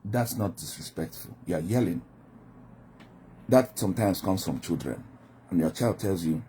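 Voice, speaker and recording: This commentator from Nigeria has a deep, dark-toned voice and an animated but measured delivery, pausing often. His reflective monologue about communication styles features frequent acted-out quotes, and there's slight background noise.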